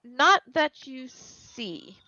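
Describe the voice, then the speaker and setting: A woman's voice: high voice, very animated, very slow, sharp tone, no echo. A woman running a tabletop game as game master, narrating descriptively with fillers and restarts. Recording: dull, lo-fi dry recording.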